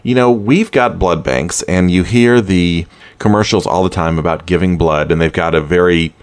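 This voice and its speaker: A man hosting a pet radio show, chatting in a casual, animated way with chuckling asides. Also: low voice, moderate pace. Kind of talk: casual podcast talk.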